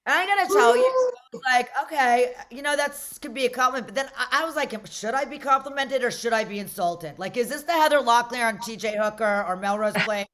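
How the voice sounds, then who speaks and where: A middle-aged woman from Las Vegas hosting a comedy show, doing brash, rambling stand-up that often bursts out loud. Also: fairly high pitch, brisk, hardly any pauses.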